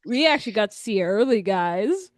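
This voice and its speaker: A woman's voice: medium pitch, animated, a little fast. A woman co-hosting a casual fan podcast, talking loosely with lots of "like" and "yeah". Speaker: podcast co-host.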